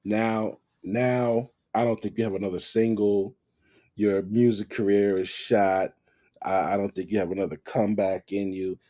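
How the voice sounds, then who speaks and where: A man hosting a reaction video, giving loud, profane, mocking commentary. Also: lowish voice, little pitch movement, normal speed.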